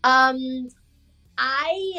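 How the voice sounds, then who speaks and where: A woman's voice: sits high, drawn-out words, sharp tone, lo-fi sound, soft background music. A woman actress, a guest in an interview, talking casually with lots of fillers and restarts over a video call. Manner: chatty, many fillers and restarts.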